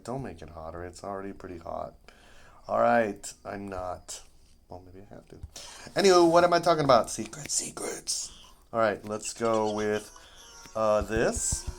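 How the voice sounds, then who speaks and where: A man giving casual, rambling gameplay commentary, playful and talking to himself, sometimes breaking into improvised singing. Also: mid-range voice. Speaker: gaming video creator. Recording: loud background noise.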